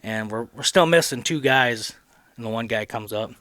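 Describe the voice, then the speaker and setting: A man's voice: medium pitch, normal speed. A man with a Midwestern American accent hosting a podcast, telling a rambling story in casual chat with frequent restarts. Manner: rambling, animated retelling with many restarts. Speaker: podcast host.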